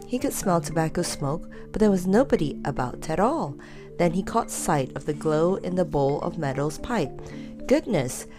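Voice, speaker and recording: Gravelly woman reading a children's story. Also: fairly low pitch. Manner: lively, expressive storybook reading.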